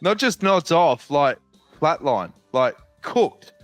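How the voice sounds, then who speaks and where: Lively, swearing podcast co-host. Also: male voice, on the high side, slow, no echo, soft background music. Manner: animated storyteller, swears freely. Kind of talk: casual chat.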